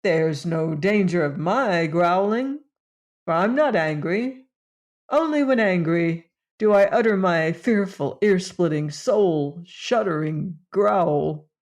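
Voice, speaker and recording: A woman plays a proud, easily offended beast in a storybook reading. He boasts in a low, unhurried voice, though there is nothing fierce in him. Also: lively intonation, a little mellow. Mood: boastful. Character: boastful but harmless male beast, gentle. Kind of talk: audiobook character voice.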